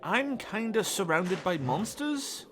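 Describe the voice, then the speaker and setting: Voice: mid-range voice, very animated, slow pace, a little hiss or hum. A game reviewer voicing an awkward young man stranded among monsters, hesitant and sheepish.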